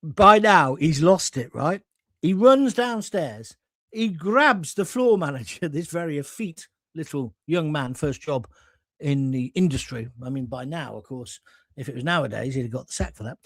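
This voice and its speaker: Animated chatty male host. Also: fairly high pitch, normal speed, dry recording, studio quality. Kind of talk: live show anecdote chat.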